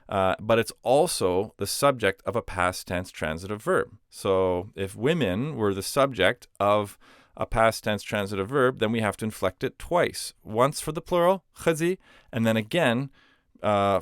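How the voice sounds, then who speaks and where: A man's voice: on the low side, no room sound, clean studio sound. A man teaching a language lesson, explaining patiently with simple everyday comparisons. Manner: patient, uses simple analogies.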